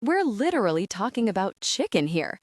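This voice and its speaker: A woman's voice: medium pitch, big pitch swings, normal speed, no room sound, studio quality, voice pushed up, close to an everyday voice. Woman voicing a prim, sardonic older sister. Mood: wry.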